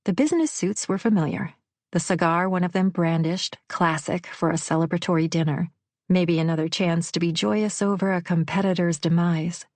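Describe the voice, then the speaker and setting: A woman reads a romantic novel aloud in a measured storytelling voice. Her pitch sits on the low side for a woman. The recording is dry and close, with no room sound at all. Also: a little mellow, dry recording. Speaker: audiobook narrator. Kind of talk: scripted narration.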